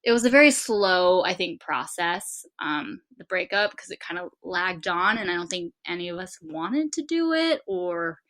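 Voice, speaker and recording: A woman's voice: lowish voice, lively intonation, moderate pace, hardly any pauses, fairly bright tone. A woman in her twenties from San Diego, a podcast guest telling a personal story in a chatty way, full of "like". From San Diego, California. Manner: chatty, heavy on filler "like". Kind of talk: casual storytelling.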